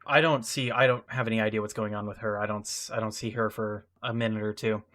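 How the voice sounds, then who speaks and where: A man's voice: on the low side, fairly even intonation, fast, fairly bright tone. A young man telling a long personal mishap story in casual, self-deprecating style, full of restarts and asides. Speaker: podcast co-host.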